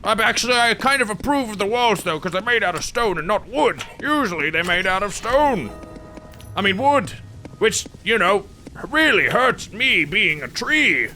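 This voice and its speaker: A man voicing a talking tree that pushes people to donate for more trees, in a bright, lively voice. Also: sits high, moderate pace, a little hiss or hum, full character voice. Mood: chatty.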